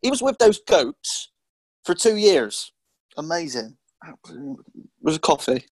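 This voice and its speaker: A man doing a gushing producer with a fairly high voice. He is fawning and full of praise, and the recording is dry. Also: sing-song, slow, dry recording, full character voice. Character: gushing male producer on a call.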